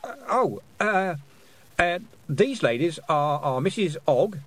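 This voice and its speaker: A plump, cheerful old woman witch, voiced by a man, chatters along. The voice sits higher than his own, husky, with lively ups and downs. This is storybook character reading. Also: slow, no room sound.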